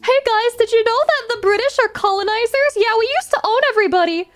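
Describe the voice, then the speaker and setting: A woman voicing a smug, boastful British colonizer who taunts the listener in a loud, mocking way. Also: very high voice, expressive, quick pace, faint music behind, pitched above the performer's own voice. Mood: gloating.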